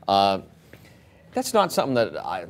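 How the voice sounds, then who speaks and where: A man's voice: on the low side, wildly swooping pitch, moderate pace, soft background music. Man reading headlines in mock anchor voice. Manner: amused, mock-serious anchor delivery. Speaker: guest news anchor.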